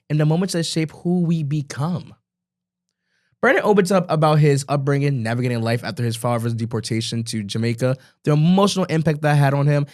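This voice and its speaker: A man around thirty hosts a podcast. His voice sits a bit high and swings widely in pitch as he builds hype and jokes with his guest. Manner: animated, hype-building, playful. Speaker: podcast host. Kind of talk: casual podcast chat.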